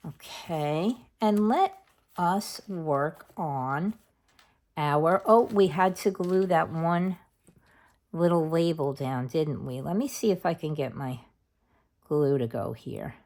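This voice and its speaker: A woman's voice: low-pitched, darkish tone. A middle-aged woman hosting a craft tutorial, chatting casually and thinking aloud as she works at her craft table. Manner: chatty, unhurried, thinks aloud while working. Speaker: craft channel host.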